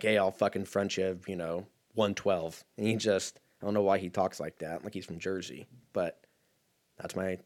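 A man in his thirties with a somewhat low voice runs a casual solo podcast. He rambles loosely and cheerfully profanely, stacking fillers as he drifts from point to point. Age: 30s. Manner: rambling, profane, laid-back with frequent fillers.

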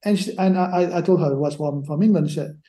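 High-voiced man, dark tone, roomy sound. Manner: halting, repeats words while searching for phrasing. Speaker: sports lawyer guest. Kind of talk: podcast interview answers. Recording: roomy echo.

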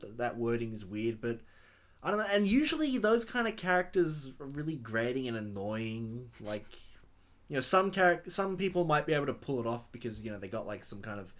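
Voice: medium pitch, big pitch swings, brisk. A podcast co-host talking through a film in a thoughtful, rambling way, full of fillers. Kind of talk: casual movie review chat.

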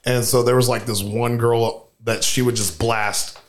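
A man's voice: mid-range voice, fairly even intonation, a little slow. A man co-hosting a casual podcast, swearing freely and acting out quotes in a raised voice. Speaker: podcast co-host. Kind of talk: casual profane chat.

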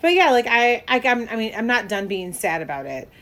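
A woman's voice: on the high side, very animated, fairly quick, a bit bright. A young woman co-hosting a podcast in casual chat, rambling with many fillers and restarts and laughing often. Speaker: podcast co-host.

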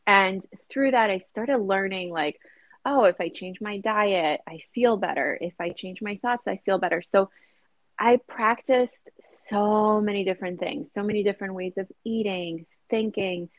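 A woman's voice: mid-range voice, normal speed, dry recording. Chatty woman with a dry sound. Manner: chatty, frequent fillers like "like" and "you know". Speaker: guest. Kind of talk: casual conversational interview.

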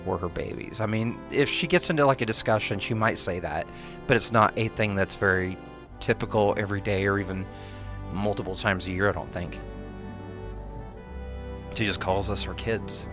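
Low-voiced rambling podcast co-host. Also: moderate pace, long pauses, music in the background. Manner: rambling, with many fillers and restarts; acts out quoted people in higher voices. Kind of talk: casual chat.

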